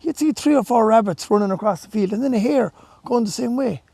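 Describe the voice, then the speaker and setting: An Irish man telling a folk tale with lilting, animated delivery and hushed asides. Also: very high voice, brisk, creaky, no room sound. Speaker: storyteller. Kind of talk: folk storytelling.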